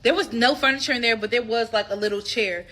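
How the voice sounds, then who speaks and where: A woman in her twenties casually telling a personal story to her viewers, candid, animated and freely profane. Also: on the high side, fast talker. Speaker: storytime vlogger.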